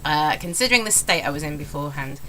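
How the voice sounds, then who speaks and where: A woman's voice: sits low, expressive, fast, pushed and bright, a little hiss or hum, poor audio. An English woman in her forties, a stand-up comedian, talking candidly and rambling in a casual vlog. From England. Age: 40s. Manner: candid, rambling, self-deprecating.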